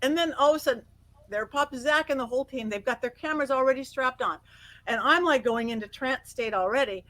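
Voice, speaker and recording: A middle-aged woman guest on an interview, telling stories in an animated way, acting out quotes and laughing often. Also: high-pitched, fairly quick, rough recording. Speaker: guest psychic medium. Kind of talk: casual interview storytelling.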